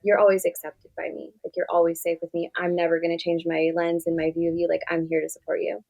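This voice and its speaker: A woman therapist for veterans, chatting casually as a guest in an interview and telling stories in a quick, filler-heavy way. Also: on the low side, completely flat delivery, creaky, warm tone, lo-fi sound.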